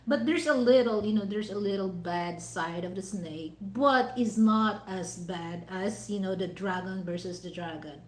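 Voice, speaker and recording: A woman's voice: mid-range voice, unhurried, few pauses, echoey room, rough recording. A woman vlogger chatting casually over dinner, rambling and leaning on "you know" fillers with non-native phrasing.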